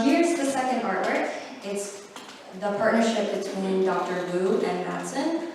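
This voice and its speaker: A young woman gives an unhurried, filler-laden talk, slightly out of breath. Her voice rings through a large, echoey hall. She sounds far from the microphone, with faint noise underneath. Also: mid-range voice, a little mellow. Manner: casual, filler-heavy, self-correcting. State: short of breath. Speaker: guest speaker. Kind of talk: presentation talk.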